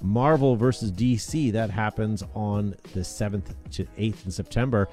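A man's voice: fairly low pitch, normal speed, warm tone, soft background music. A man hosting a casual chat show, talking in an upbeat, rambling way with plenty of fillers. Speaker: podcast host.

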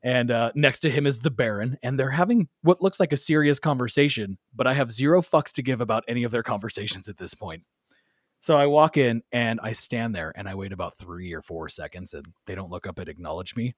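A man's voice: mid-range voice, fairly quick, no room sound, clean studio sound. Man telling a rowdy story. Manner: animated, laughs often. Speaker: guest storyteller. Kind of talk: casual storytelling.

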